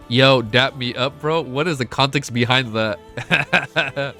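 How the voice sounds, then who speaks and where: A young man streaming to his chat, excitable and emotional, swearing often and reading chat messages aloud. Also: mid-range voice, slow, creaky, soft background music. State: emotional, close to tears. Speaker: streamer reacting to a web novel. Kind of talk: casual live-stream chat.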